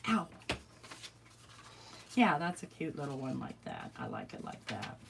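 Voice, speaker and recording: A woman chatting casually to herself while crafting, a little hoarse as she loses her voice, muttering and self-deprecating. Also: a bass voice, huge pitch swings, a little slow, very noisy. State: losing her voice. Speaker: crafting vlogger.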